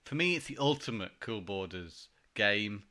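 Bright-voiced man chatting casually. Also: lowish voice, animated, normal speed. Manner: rambling, hesitant, many fillers. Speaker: podcast co-host. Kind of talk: casual chat about video games.

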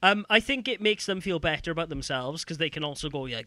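A man's voice: on the high side, brisk, no echo. A British man co-hosting a podcast, chatting casually and ranting with lots of fillers. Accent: British English. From United Kingdom. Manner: animated, ranting, many fillers. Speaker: podcast co-host. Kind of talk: casual chat.

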